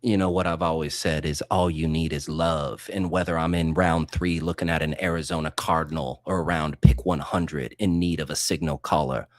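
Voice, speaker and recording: A man putting on the slow, low, velvety voice of a suave smooth jazz radio DJ. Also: steady tone, no room sound, studio quality. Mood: crooning.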